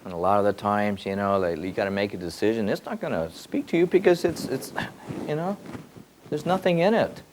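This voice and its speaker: A man giving a spiritual teaching in a loose, repeating way, swinging between soft musing and sudden excited bursts. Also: lowish voice, a little fast, slight background noise. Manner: repeats words and restarts often. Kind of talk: spoken teaching to a group.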